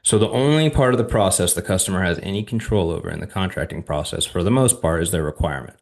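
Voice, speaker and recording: Low-voiced man giving casual contracting advice. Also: quick pace, creaky. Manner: conversational, often checks in with "all right?". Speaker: channel host and defense contracting advisor. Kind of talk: casual instructional talk to viewers.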